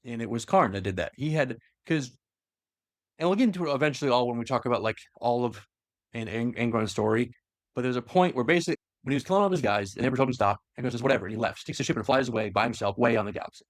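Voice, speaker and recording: A man's voice: mid-range voice, very fast, no echo, clean studio sound. Casual man retelling a story. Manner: animated, acts out quotes, frequent fillers. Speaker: podcast host retelling lore.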